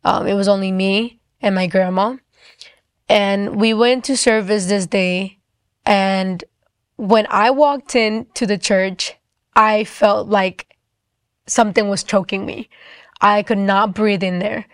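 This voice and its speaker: A woman's voice: mid-range voice, fairly even intonation, takes it slowly, clear, resonant tone, dry recording, studio quality. A young adult woman sharing a personal faith testimony in a casual storytelling way, acting out the dialogue and often saying "like".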